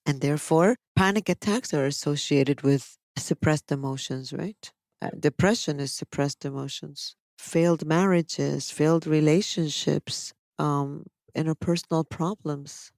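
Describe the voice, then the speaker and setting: A woman's voice: deep voice, a little slow, no echo. Woman psychologist explaining at length. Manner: explanatory, animated when quoting people. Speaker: psychologist host. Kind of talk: casual podcast discussion.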